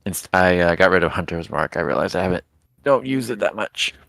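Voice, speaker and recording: A man's voice: low voice, animated, a little fast, vocal fry, a bit bright, no room sound. A man playing in a tabletop role-playing game, talking in a laid-back, joking way.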